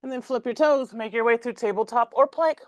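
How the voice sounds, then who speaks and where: Calm woman guiding a yoga class. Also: a little high, no room sound. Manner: calm, measured breath cues. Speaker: yoga instructor. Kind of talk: guided yoga class cues.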